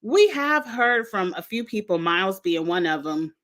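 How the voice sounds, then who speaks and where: A woman's voice: medium pitch, sing-song, normal speed, a bit bright. A woman hosting a casual recap of a reality show, chatty and frank, sometimes talking straight to the contestants. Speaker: reality show reviewer, host.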